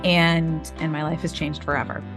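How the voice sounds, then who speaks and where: A woman in her forties, guesting on a podcast, tells her story candidly with a low-pitched voice at a moderate pace while music plays in the background. She animatedly acts out the lines she quotes.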